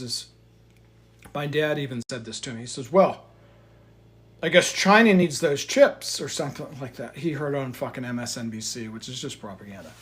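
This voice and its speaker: A man hosting his own channel, reacting bluntly to a video clip, rambling with profanity. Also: on the high side. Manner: blunt, swearing, rambling asides. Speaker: commentary channel host.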